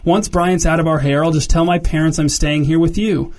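A man's voice: on the high side, steady tone, darkish tone, close to an everyday voice. A man reading as an eager scheming teen girl. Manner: rapid, enthusiastic planning.

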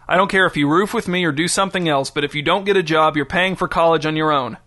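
A man's voice: a little high, fast, sharp tone. A man voicing a stern father lecturing. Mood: firm. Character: stern middle-aged male roofer and father. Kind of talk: audiobook character voice.

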